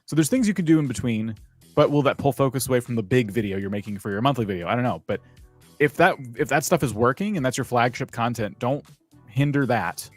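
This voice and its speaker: Man, co-host, casual advice, relaxed, filler words, dry sound, faint music. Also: medium pitch, quick pace, no echo. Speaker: co-host giving channel feedback.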